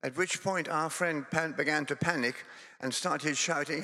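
A Scottish man preaches a sermon in a strongly gravelly, bright voice, a little high and at a moderate pace. Conversational and self-deprecating, he digresses into humorous stories and jokes, with a long church reverb on the sound.

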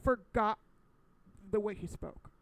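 A woman's voice: mid-range voice, slow, poor audio. A young woman co-hosting a podcast, talking casually with lots of fillers and restarts. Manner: rambling, full of fillers and restarts. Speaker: podcast co-host. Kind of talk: casual chat. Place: indoor recording, New York.

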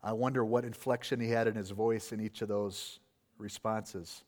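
A man's voice: fairly low pitch, steady tone, normal speed, a little mellow. A man preaching an expository sermon, explaining the text earnestly and asking rhetorical questions.

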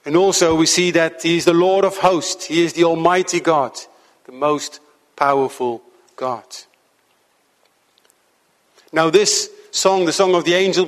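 A man preaching a sermon to his congregation in an earnest, measured way, slowing down to stress key points. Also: a little high, in a large hall. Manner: earnest, measured preaching with slow emphatic stretches.

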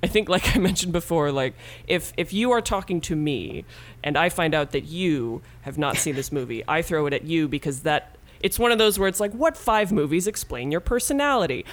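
A woman's voice: low-pitched, expressive, brisk. A woman co-hosting a casual movie podcast, chatty and full of quoted asides.

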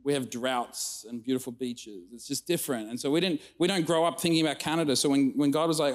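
Speaking fast with hardly any pauses, this medium-pitched Australian man preaches a sermon. He's a pastor telling family stories, acting out the quotes in animated fashion as the audience laughs with him.

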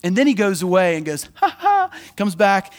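Male pastor, high-pitched, casual and energetic preaching style. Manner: energetic, conversational preaching with quick acted asides. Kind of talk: sermon.

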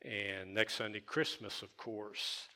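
Male pastor, lowish bright voice, talky sermon with repeats for emphasis. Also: little pitch movement, slow. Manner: conversational preaching with fillers and repeated emphasis.

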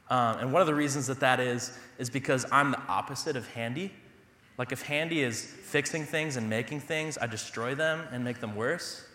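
Young pastor, bright tone, casual self-deprecating sermon delivery, roomy church echo. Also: male voice, medium pitch. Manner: conversational, self-deprecating humor. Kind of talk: sermon with personal stories. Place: church sanctuary.

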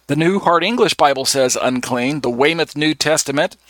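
A man's voice: a little high, moderate pace, fairly bright tone, dry recording. A man leading a casual Bible study lesson, talking conversationally with many fillers as he reads out verses. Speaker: Bible teacher.

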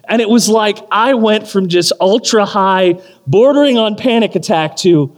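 Animated male pastor in a reverberant hall. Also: sits high, normal speed, few pauses. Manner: animated storytelling with self-deprecating humor. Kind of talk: sermon. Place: church or community hall.

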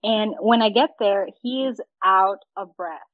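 A woman's voice: medium pitch, measured pace, no echo, narrow, tinny audio. A woman co-hosting a casual podcast, telling a story with frequent laughs and acting out the lines she quotes.

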